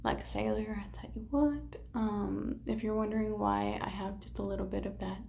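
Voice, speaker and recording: Tired young woman, gravelly rambling chat. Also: mid-range voice, fairly even intonation, moderate pace, darkish tone, slight background noise. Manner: rambling, candid, swears, many fillers and restarts. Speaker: vlogger. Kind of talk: casual chat to camera.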